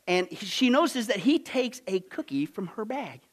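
A man preaching a sermon as a pastor, swinging from hushed asides to loud emphatic lines and often repeating "listen". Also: high voice, very animated, normal speed.

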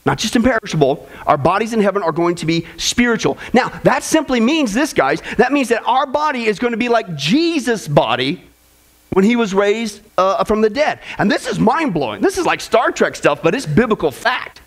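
A man's voice: high-pitched, very animated, moderate pace. A male pastor preaching a humorous sermon, firing off punchy lists and talking straight to the audience.

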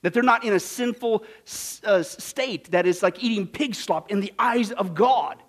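Animated, high-voiced preacher from Kansas. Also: male voice, normal speed. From Kansas, USA. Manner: animated, swinging from loud bursts to hushed asides; acts out quoted voices. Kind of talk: sermon.

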